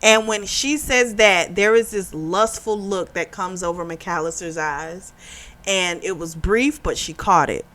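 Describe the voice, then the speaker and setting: A woman giving a casual spoken book review, retelling the plot in a chatty, animated way. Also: lowish voice, measured pace.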